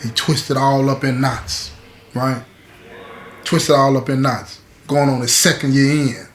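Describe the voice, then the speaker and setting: A man's voice: medium pitch, steady tone, unhurried, a little hiss or hum. Male storyteller, streetwise and conversational, mid-range voice, recorded in a roomy, echoey space. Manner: streetwise, conversational, constantly checks in with the listener. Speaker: host. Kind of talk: storytelling to camera.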